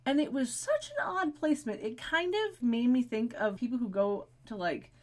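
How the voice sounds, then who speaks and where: A woman co-hosting a podcast, recapping a TV episode in rambling casual chat with lots of fillers, going quiet when she tells a story. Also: on the high side, very animated, moderate pace. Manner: rambling, frequent "like" fillers, drops quiet for stories. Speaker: podcast co-host.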